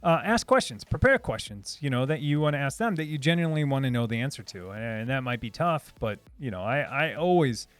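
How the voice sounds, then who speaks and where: A man's voice: medium pitch, lively intonation, brisk, hardly any pauses, no room sound. A man hosting a casual live stream, answering chat questions in a hesitant, restarting way. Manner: hesitant, many restarts, reads chat aloud.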